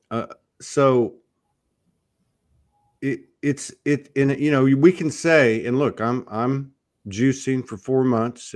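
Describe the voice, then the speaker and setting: A man hosting a casual spiritual talk show, rambling and emphatic, dropping a curse now and then. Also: mid-range voice. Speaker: host.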